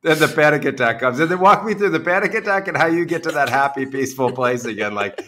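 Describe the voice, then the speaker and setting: A man's voice: fairly high pitch, lively intonation, quick pace, fairly bright tone, a little hiss or hum. A man hosting a podcast, eagerly prompting his guest to walk through her story. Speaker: podcast host. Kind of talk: casual interview.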